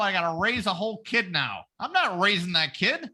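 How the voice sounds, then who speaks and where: A man's voice: high voice, very animated, a little fast, hardly any pauses, bright, forceful tone. A man on a podcast, retelling a story as a profane comedy bit with silly voices for each character. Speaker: podcast host. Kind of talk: casual comedic podcast chat.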